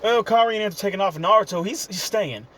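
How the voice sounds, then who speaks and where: A man's voice: high-pitched, a little fast, fairly bright tone, slight background noise. A young man casually retelling an improvised fan story, rambling with lots of fillers. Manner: rambling, lots of "you know".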